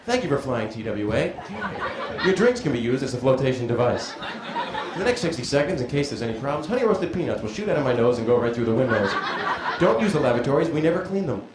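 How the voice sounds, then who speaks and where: A man performs stand-up live at a comedy club and keeps bantering with people in the audience. His voice is mid-pitched and ordinary for a man. The archival recording is echoey, with a loud crowd all around him. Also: big pitch swings, quick pace, background noise. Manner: riffing with the crowd, teasing audience members. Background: audience laughter.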